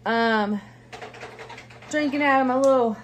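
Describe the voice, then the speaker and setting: Woman vlogger, high and unhurried, bubbly and chatty, recorded at home. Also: a little hiss or hum. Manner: bubbly, gushing, talks straight to viewers as "y'all". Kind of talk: casual haul vlog. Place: at home, indoors.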